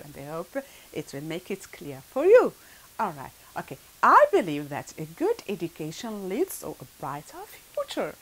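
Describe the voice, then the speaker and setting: A woman's voice: on the high side, poor audio. A woman teaching an English grammar lesson to her pupils. She stresses key words, repeats them, and checks in often with "all right" and "okay.".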